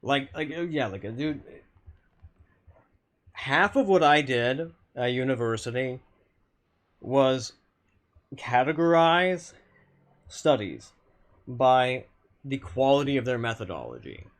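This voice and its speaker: A man streaming from home, arguing with his chat in a blunt, loose way. He swears freely and restarts his sentences. His pitch moves up and down a lot as he argues. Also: animated, slow pace, long pauses. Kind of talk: casual live-stream chat.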